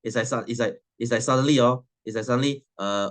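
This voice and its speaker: A man's voice: mid-range voice, quick pace, hardly any pauses. A man, teaching a science class in a chatty, teasing way and laughing often. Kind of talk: classroom lesson.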